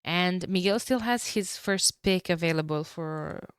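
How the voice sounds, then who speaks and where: A woman commentating a strategy game match, her voice hoarse from being sick, talking at low energy with throat-clearing and fillers. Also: measured pace, no room sound. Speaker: tournament caster.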